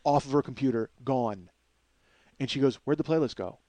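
Animated man telling a story. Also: mid-range voice, rapid-fire, no room sound. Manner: animated, profane storyteller acting out quotes. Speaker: podcast host. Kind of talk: casual storytelling.

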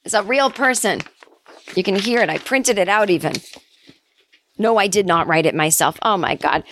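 A middle-aged woman hosting a comedy podcast, telling an absurd story in a casual, deadpan way with quick asides. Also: mid-range voice, slight background noise.

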